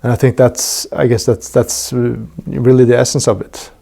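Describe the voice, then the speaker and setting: A man hosting a podcast in a loose, conversational way, working out his thoughts aloud with many restarts. His voice has a gravelly, creaky edge and a dark, mellow tone, sitting at an ordinary pitch for a man. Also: level tone, moderate pace. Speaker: podcast host. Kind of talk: casual conversational interview.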